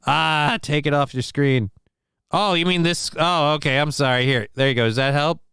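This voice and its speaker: A man's voice: a little high, normal speed, pushed and bright, smooth, dry recording, studio quality. A man hosting a casual comedy commentary, joking crudely and rambling as he reacts to clips. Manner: crude joking, mock voices, loose rambling. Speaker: host reacting to news clips.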